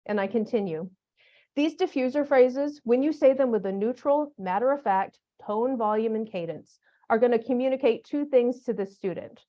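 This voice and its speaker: A woman leads a teacher workshop in a relaxed, conversational way, using humor and everyday classroom examples. Her voice sits on the higher side. The recording is dull and lo-fi. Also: moderate pace. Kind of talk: conference workshop talk.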